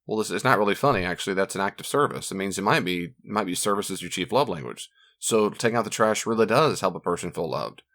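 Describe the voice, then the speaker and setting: A man speaking as a marriage counselor in a casual teaching talk, animated and acting out voices of the people he quotes. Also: on the low side, fast talker, hardly any pauses.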